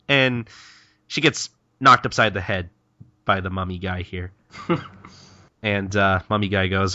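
A man co-hosting a podcast talks through a manga chapter with a forceful, bright tone. His voice sounds close and dry on dull, lo-fi audio. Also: on the low side, moderate pace, no echo. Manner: chatty, stumbling and laughing as he recaps. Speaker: podcast co-host. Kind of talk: casual chat retelling a manga chapter.

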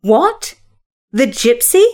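A woman's voice: a little high, sing-song, slow, mellow. A woman reading the part of a proper young husband who speaks crossly, in a storybook reading. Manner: cross, huffy.

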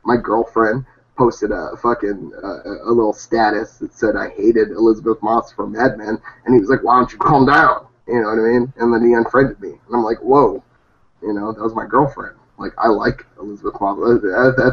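A man from Hawaii, a hobby rapper, talking loud, brash and profane in a casual interview. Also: on the low side, steady tone, brisk. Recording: dull lo-fi audio.

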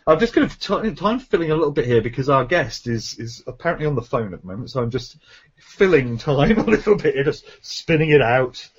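A man's voice: fairly high pitch, sing-song, fairly quick, slightly rough, lo-fi sound. A man hosting a casual group podcast, joking and rambling with fillers. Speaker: podcast host.

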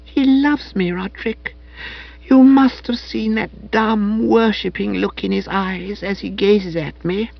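A man reading aloud and voicing an overwrought, sentimental young woman in a high, breathy, gushing tone, on a dry, slightly muffled recording. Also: fairly even intonation, slow, no room sound, full character voice. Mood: soulful.

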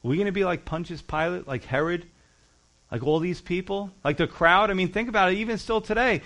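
A male pastor preaching a sermon, moving between loud emphasis and quiet, low asides, and acting out quoted voices as he retells the story. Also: moderate pace.

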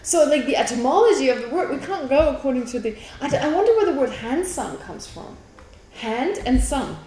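A woman's voice: sits high, very animated, quick pace, a little mellow. A woman teaching a Buddhist philosophy class, explaining patiently and often checking in with her students. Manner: explanatory, asks the class questions, laughs easily. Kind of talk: classroom lecture. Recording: echoey room with faint background noise.

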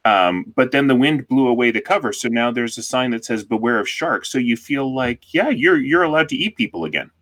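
A man running a tabletop game as game master, relaxed and a little hesitant. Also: mid-range voice, fairly quick, hardly any pauses.

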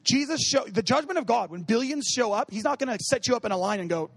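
A man's voice: very high-pitched, expressive, fast talker. A man giving a casual, humorous sermon, talking conversationally and acting out little dialogues. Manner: humorous, acts out quoted dialogue; conversational, many fillers like 'you know what I mean'. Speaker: preacher.

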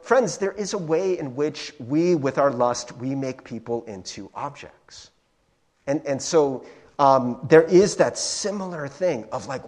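A young male pastor giving a relaxed, conversational sermon. His fairly high voice rises and falls with lively, animated inflection, and he talks with plenty of fillers and self-deprecating asides. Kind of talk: casual sermon.

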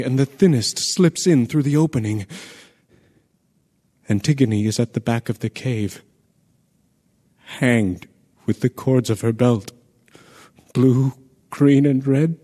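An actor playing a messenger in a radio play, telling a terrible event urgently and vividly. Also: male voice, mid-range voice, slow pace, long pauses, warm tone. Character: breathless male messenger bearing terrible news.

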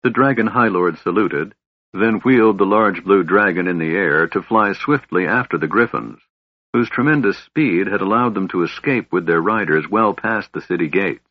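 A man's voice: low voice, normal speed, breathy edge, dry recording. A man narrating a fantasy audiobook expressively. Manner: expressive storytelling. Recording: dull lo-fi audiobook recording.

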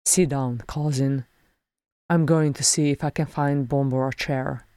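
A woman reading aloud, voicing a kindly, gentle older male dwarf. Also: very deep voice, fairly even intonation, measured pace, dry recording, clean studio sound.

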